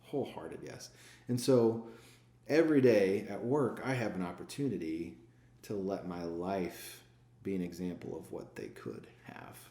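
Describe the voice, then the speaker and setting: A man's voice: low-pitched, lively intonation, a little slow, vocal fry, mellow. A man, a sales manager and former pastor, talking reflectively in a casual interview, asking himself rhetorical questions and answering them. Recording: echoey room.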